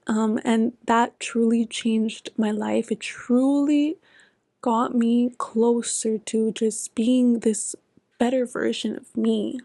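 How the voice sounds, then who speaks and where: A young woman talking through a self-help podcast episode in an earnest, frank way, cursing freely and sometimes slipping into a whisper to stress a point. Her voice sits a little high yet sounds mellow and gravelly. The recording is dry, with no room sound. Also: dry recording. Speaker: podcast host.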